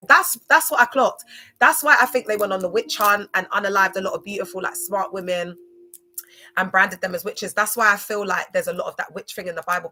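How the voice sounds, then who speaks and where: A woman's voice: mid-range voice, bright, forceful tone. A young woman chatting casually to viewers on a livestream, laughing often. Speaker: livestream host.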